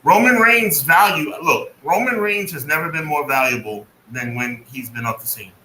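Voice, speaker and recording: A man's voice: on the high side, moderate pace, pushed and bright. A man co-hosting a casual wrestling podcast, talking emphatically and with sarcastic asides. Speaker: podcast co-host. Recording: echoey room with faint noise.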